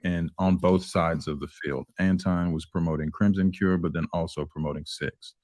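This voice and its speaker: A male panelist pressing pointed questions in a halting, probing way. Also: sits low, steady tone, a little mellow, dry recording, clean studio sound. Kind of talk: live panel discussion.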